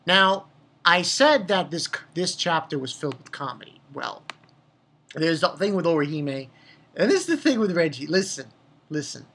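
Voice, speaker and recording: A woman delivers a casual, profanity-laced manga review in the style of an animated rant. Her voice sits lowish and husky, and it swings widely in pitch as she vents. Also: normal speed.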